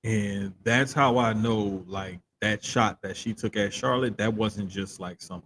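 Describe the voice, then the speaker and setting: A podcast co-host in casual sports chat, talking in an animated, slangy way. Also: male voice, fairly low pitch, normal speed, few pauses, background noise. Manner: animated, slangy, talks of having to control his accent on radio.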